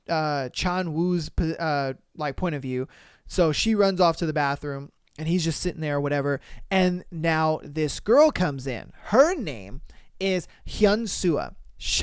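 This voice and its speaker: A man's voice: a little high, smooth, dry recording, clean studio sound. A man hosting a podcast, recapping a drama in a rambling, slangy, casual way. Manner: rambling, full of fillers and slang. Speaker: podcast host.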